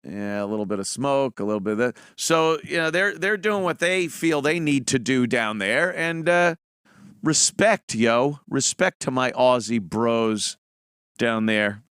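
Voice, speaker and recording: A man's voice: a little high, expressive, normal speed, fairly bright tone, clean tone, no room sound, studio quality. A middle-aged man hosting a show, giving a blunt, profane, mocking opinion monologue in casual talk. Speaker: podcast host.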